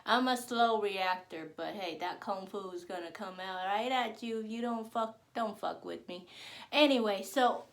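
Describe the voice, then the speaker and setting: A woman's voice: medium pitch, measured pace. A woman from Arkansas, telling a story to her vlog audience in a blunt, profane, casual way. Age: adult. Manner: blunt and profane, animated when quoting others. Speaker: vlogger.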